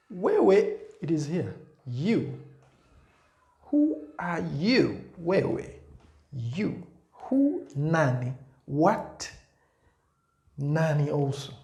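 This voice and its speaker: Male tutor, slow and patient, mellow tone, reverberant room. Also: mid-range voice. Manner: repeats words patiently, pointing at a board. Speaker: language teacher. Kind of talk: slow spoken language lesson. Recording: echoey room.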